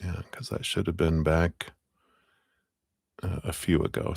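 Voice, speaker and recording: A deep, gravelly male voice with a dry, close-miked sound. He hosts a live tarot stream and keeps up chatty, apologetic banter as he works through his list, laughing easily. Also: little pitch movement, measured pace, long pauses, no room sound. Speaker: tarot reader hosting live readings. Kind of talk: casual live-stream chat.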